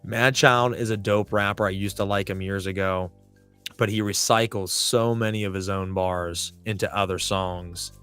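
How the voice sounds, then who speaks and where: A man's voice: sits low, fairly even intonation, moderate pace, a bit bright, clean tone, soft background music. A man hosting a podcast in casual live-stream chat, talking in a blunt, rambling, profane way. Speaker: podcast host.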